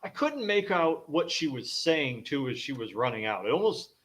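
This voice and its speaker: A man's voice: fairly high pitch, very animated, moderate pace, fairly bright tone. A man chatting casually on a live show, joking and laughing between remarks. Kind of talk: casual chat.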